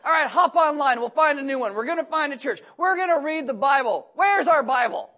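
A man playing a fired-up biblical father who loudly lays down rules for his household in a joking rant. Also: very high voice, lively intonation, fast, voice pushed up. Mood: fired-up scolding. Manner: loud, scolding, joking rant.

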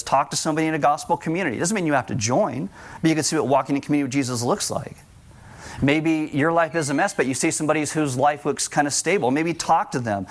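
A man preaching a sermon at a church service, speaking in an earnest, conversational way with light self-deprecating asides. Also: medium pitch. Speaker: pastor.

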